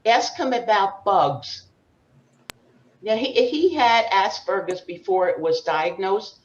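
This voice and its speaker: A woman's voice: medium pitch, expressive, slow pace, reverberant, highs cut off. An older woman from Brooklyn with a Brooklyn accent, telling bawdy stand-up jokes at an open mic with Yiddish slang. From Brooklyn, New York. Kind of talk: stand-up comedy set.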